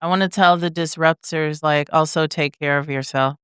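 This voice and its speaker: Middle-aged woman guest, very smooth resonant voice, dry close sound, candid talk. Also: deep voice, steady tone, moderate pace, dry recording. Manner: candid, emphatic and reflective. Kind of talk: casual conversation.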